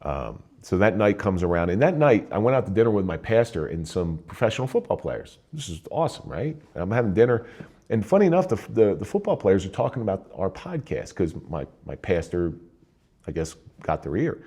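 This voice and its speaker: A man's voice: low voice, very animated, a little fast, darkish tone, husky. An older man from New Jersey, a retired police officer, telling a somber personal story in a plain-spoken way.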